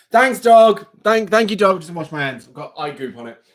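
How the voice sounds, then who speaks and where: Young dude chatting live to his viewers, kinda high-pitched, excitable and rambly. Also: a little slow. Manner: chatty, animated, self-interrupting. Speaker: livestream host. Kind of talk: casual live chat with viewers.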